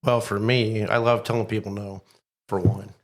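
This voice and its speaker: A man who is a chef and a guest on a podcast, speaking in casual chat, agreeable and measured. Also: fairly low pitch, flat delivery.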